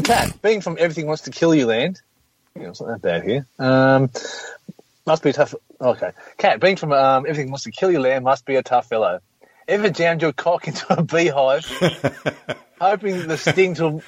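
A man's voice: medium pitch, dull audio. A man co-hosting a podcast, reading listener letters aloud with many hesitations. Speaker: podcast co-host.

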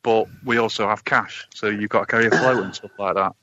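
A man's voice: on the low side, fairly even intonation, fairly quick, highs cut off, background noise. A man with a Manchester accent, a bus-driving guest, ranting in a profane, exaggerated comic way. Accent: Mancunian. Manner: heated, profane, exaggerated complaining. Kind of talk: sweary comic rant.

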